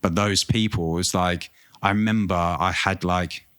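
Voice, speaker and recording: A very low-voiced man chats as a guest, telling stories in a lively, loose way. He swears freely, and the talk stays casual. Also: unhurried, clear, resonant tone. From England. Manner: animated storytelling, swears freely. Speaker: tattoo artist guest. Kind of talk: casual interview chat.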